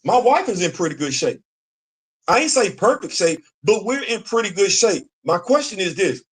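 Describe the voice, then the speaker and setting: A man's voice: high voice, very animated, normal speed, breathy edge. A middle-aged man hosting a live commentary stream, talking casually, repeating himself for emphasis and answering his chat. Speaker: show host.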